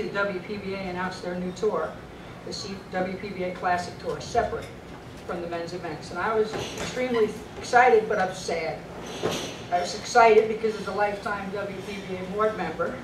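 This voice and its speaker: A middle-aged woman giving a memorial speech full of anecdotes about a late friend, often laughing as she tells them. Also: medium pitch. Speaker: speaker honoring a late friend; women's pool tour board member. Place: banquet hall at a dinner. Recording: echoey distant hall recording with background noise.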